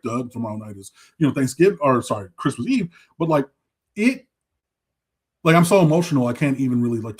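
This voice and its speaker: An excitable man co-hosts a casual sports podcast, his voice slightly husky and pitched a little high. He gushes, restarts his sentences and piles on feeling as he talks. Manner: emotional, effusive, rambling with restarts. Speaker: podcast co-host.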